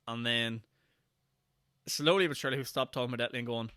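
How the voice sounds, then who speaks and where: A young man with a Northern Irish accent, rambling through a solo podcast with a sarcastic edge and quick mock voices. His tone is bright and clean, and he sounds tired. The sound is dry and close. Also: medium pitch, smooth, dry recording. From Northern Ireland. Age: 20s. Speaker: podcast host. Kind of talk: casual solo podcast monologue.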